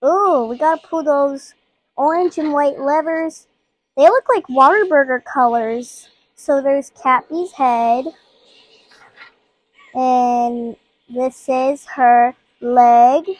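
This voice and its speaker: A woman's voice: high-pitched, slow, dry recording. A woman giving casual, playful gameplay commentary, chatting to her viewers as she plays. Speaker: gaming channel host.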